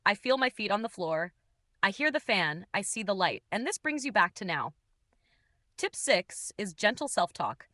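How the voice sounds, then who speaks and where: A woman hosting a beginner English lesson podcast, speaking in slow, simple sentences with a gentle, encouraging and playful manner. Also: mid-range voice, no echo, clean studio sound. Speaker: English teacher and podcast host.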